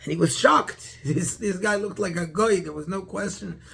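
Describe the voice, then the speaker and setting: A man's voice: high voice, moderate pace, gravelly, sharp tone, a little hiss or hum. A man, a rabbi, tells a story in a Torah class, stopping often to search for words and restart his sentences.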